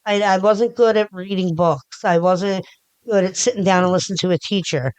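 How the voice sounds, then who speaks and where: Woman, from Philadelphia, middle-aged, rambling casual chat, smooth clear voice, dry close sound. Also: medium pitch, fairly even intonation, normal speed, a little mellow, no room sound. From Philadelphia area. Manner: rambling, restarts often, talks with her hands. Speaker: podcast guest.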